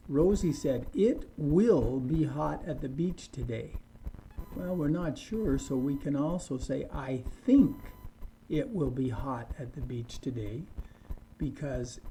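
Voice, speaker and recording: A man teaching an online English lesson, speaking slowly and deliberately and repeating words for learners to copy. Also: medium pitch, warm tone, slight background noise, low-quality recording.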